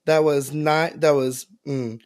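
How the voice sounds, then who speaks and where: Dramatic, slangy man co-host, a touch high, dry sound. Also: steady tone, slow pace, a little mellow, dry recording. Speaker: podcast co-host. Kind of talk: casual chat.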